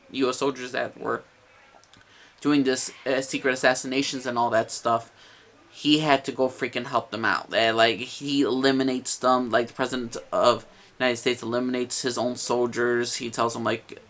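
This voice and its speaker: A man's voice: medium pitch, fairly bright tone. Rambling, enthusiastic male movie reviewer. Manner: enthusiastic, rambling with many fillers.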